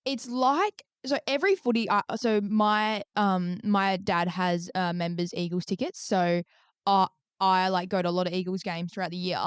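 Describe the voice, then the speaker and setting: A woman's voice: medium pitch, steady tone, moderate pace, clean tone, no echo. A young Australian woman co-hosting a podcast, rambling and swearing casually as she chats with her friend. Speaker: podcast co-host. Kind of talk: casual chat.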